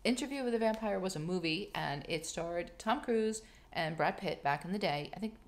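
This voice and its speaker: Woman, podcast co-host, low gravelly voice, chatty storyteller. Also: moderate pace. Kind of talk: casual chat.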